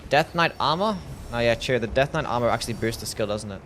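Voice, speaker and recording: A man's voice: medium pitch, lively intonation, fast talker, a bit bright, slight background noise. A young man chatting casually as he streams a game, swearing freely and reading his chat aloud. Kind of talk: casual livestream commentary.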